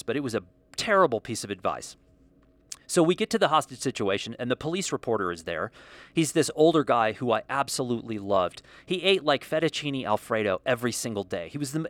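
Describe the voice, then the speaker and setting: Animated man telling a self-mocking story. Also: medium pitch, no room sound. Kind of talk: casual storytelling monologue.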